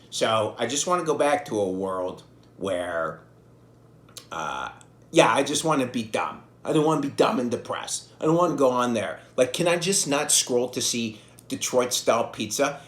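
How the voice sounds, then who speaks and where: Thirties male podcast host, animated delivery, profane and self-mocking, recorded in an echoey room. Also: a little high. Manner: profane, self-deprecating storytelling. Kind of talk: casual rambling monologue.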